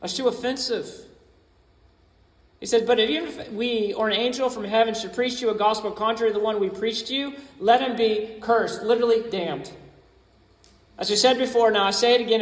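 A man's voice: extremely high pitch, fairly quick. A man preaching a sermon as pastor, emphatic and repeating his key phrases. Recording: echoey hall.

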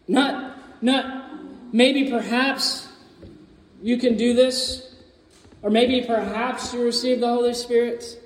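A man's voice: extremely high pitch, steady tone, takes it slowly. A man preaching a sermon, earnest and emphatic, repeating key phrases, in a church sanctuary. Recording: echoey hall, mic far from speaker.

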